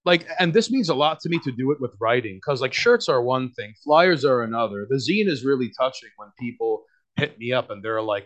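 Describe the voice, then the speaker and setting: Brisk and sing-song, this medium-pitched male voice carries a New York accent. He's a podcast guest speaking casually and ramblingly, full of fillers, restarts and frequent cursing.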